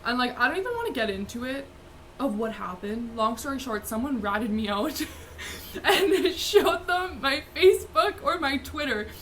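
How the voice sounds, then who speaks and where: A woman's voice: high-pitched, expressive, normal speed, a bit bright, slight background noise. A young woman, telling a story casually with lots of "like" fillers, swearing and laughing. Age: young adult. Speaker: vlogger.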